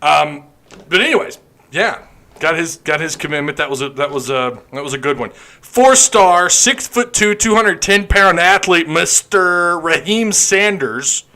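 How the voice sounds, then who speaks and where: A man hosts a casual live stream, rambling and joking between sips of beer. His voice sits a bit high for a man and sounds bright and forward. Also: expressive, unhurried. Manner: rambling, joking, drinking beer while talking. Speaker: podcast host.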